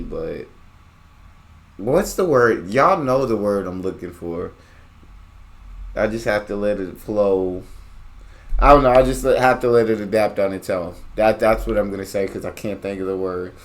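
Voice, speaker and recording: Low-voiced man reacting casually. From United States. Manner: chatty, agreeable interjections. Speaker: reaction video host.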